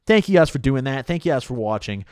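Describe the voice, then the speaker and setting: A man's voice: mid-range voice, expressive, fast talker, darkish tone, clear, resonant tone, no room sound, studio quality. A young man telling a personal story on his vlog in a casual, slangy way, swearing freely. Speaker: vlogger. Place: home room.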